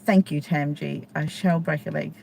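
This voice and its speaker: A middle-aged woman with a lowish voice rambles cheerfully to her live-stream viewers. She speaks into a phone held out at arm's length on a city street, with faint street ambience behind her. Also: steady tone, moderate pace, creaky, darkish tone, a little hiss or hum. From Australia. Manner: rambling, chatty, playful with viewers. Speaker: stand-up comedian live streaming. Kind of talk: casual live chat.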